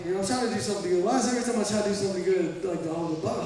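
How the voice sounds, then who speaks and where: A man in his thirties with a Southern US accent, preaching a sermon as pastor, telling animated, self-deprecating stories. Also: high-pitched, rapid-fire, heavy reverb, big-room sound, recorded from a distance, a little hiss or hum, rough recording. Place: church sanctuary.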